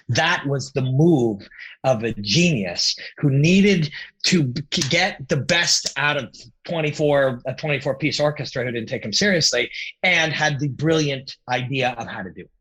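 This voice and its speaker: A middle-aged man, a podcast guest and former rock musician, telling stories in a casual, animated and profane way. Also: medium pitch, normal speed, slightly rough, poor audio. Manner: animated, profane, acts out quoted voices. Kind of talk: casual storytelling.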